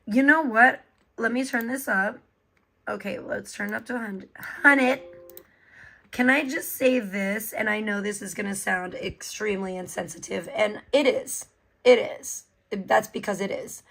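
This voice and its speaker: Gravelly-voiced woman ranting on a livestream. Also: medium pitch, a little slow, a bit bright, rough recording. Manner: blunt, profane, mocking. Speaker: livestream commentary host. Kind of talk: casual ranting commentary.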